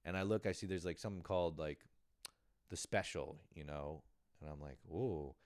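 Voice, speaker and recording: A man's voice: low-pitched, a little fast, darkish tone, no room sound, clean studio sound. A young man hosting a podcast, telling a casual, profane story with frequent laughs and acted-out quotes. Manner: laid-back, profane, laughing often, acting out quotes. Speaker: podcast host.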